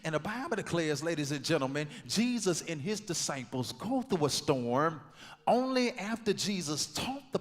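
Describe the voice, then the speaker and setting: A man preaching a sermon, dropping to quiet talk and then building to loud, rhythmic shouts. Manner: call-and-response preaching, swings from low talk to loud shouting. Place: large church sanctuary. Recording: long hall reverb in church.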